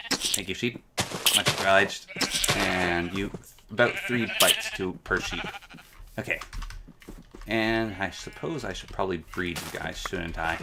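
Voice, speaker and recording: A man's voice: low voice, creaky, heavy background noise. A man from the Yukon chatting casually while streaming a game, reading chat aloud and making playful asides. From Yukon, Canada. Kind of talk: casual gameplay commentary.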